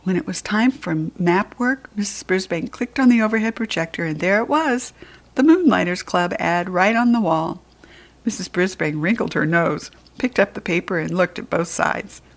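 A woman narrating a children's book aloud in an expressive, lively way. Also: lowish voice, moderate pace. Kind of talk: read-aloud storytelling.

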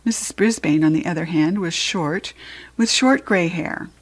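A woman narrating a children's audiobook in an expressive, playful first-person storytelling manner. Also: on the low side, measured pace, breathy edge.

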